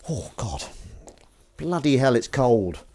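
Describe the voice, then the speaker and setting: A man's voice: mid-range voice, big pitch swings, slow pace, noisy background. A young man hosting a live stream, chatting casually and reading out viewers' messages. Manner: chatty, self-mocking, reads chat aloud. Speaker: livestream host. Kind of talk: casual chat while washing up.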